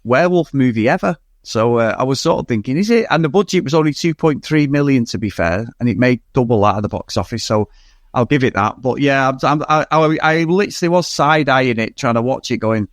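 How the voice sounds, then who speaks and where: On a film podcast, a male co-host with a medium-pitched, animated voice chats casually about movies, swearing, joking and tossing in quick asides. The studio recording is clean, with no echo.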